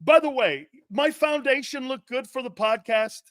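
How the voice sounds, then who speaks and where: A man hosting a sports talk show, ranting in a loud, mocking, profane way with frequent shouts. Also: extremely high pitch, normal speed, no room sound, studio quality. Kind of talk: brash sports talk rant.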